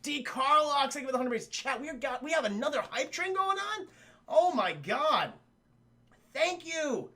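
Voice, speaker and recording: A man casually reviewing a cartoon episode on a live stream, excitable, swearing freely and talking to his chat. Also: extremely high pitch, moderate pace.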